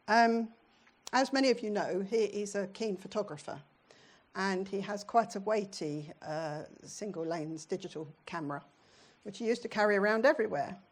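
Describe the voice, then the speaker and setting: A middle-aged British woman preaching a sermon in a church, in a conversational way, often putting questions to her congregation. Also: medium pitch.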